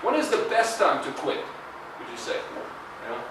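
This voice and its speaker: A middle-aged guest lecturer's high voice swings widely in pitch as he speaks a little slowly over a noisy background. His university career talk is conversational, loaded with fillers and tag questions, and the echoey lecture hall recording puts him far from the mic.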